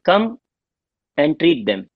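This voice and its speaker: A middle-aged man, a homeopath guest telling an animated story and acting out the dialogue. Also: a little high, slow, no echo. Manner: animated, acts out quoted dialogue. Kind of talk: storytelling interview. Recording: dull lo-fi dry sound.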